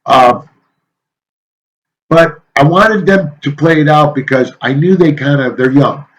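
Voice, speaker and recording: A male teacher giving a casual, folksy lecture to his students, rambling a little with frequent pauses and filler sounds. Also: a little high, rough recording.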